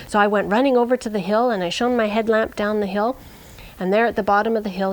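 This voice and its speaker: A woman shepherd telling a personal story in an earnest way, dropping to a hush at tense moments. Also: medium pitch, fast talker, low-quality recording.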